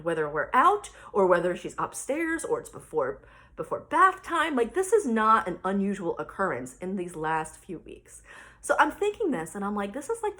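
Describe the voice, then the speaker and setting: A woman in her thirties, a mother casually telling a story to camera, animated and exasperated as she acts out the conversation. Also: mid-range voice. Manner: animated, exasperated retelling with quoted dialogue.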